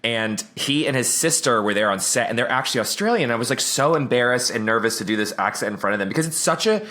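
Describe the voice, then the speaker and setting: A man chatting as a podcast guest, telling stories in an animated, self-deprecating way. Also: medium pitch, fast talker. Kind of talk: casual chat.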